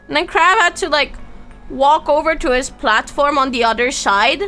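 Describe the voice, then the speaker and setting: A woman's voice: high-pitched, normal speed, sharp tone. A woman streamer telling a personal story in casual chat, stammering and swearing freely, with faint music behind her.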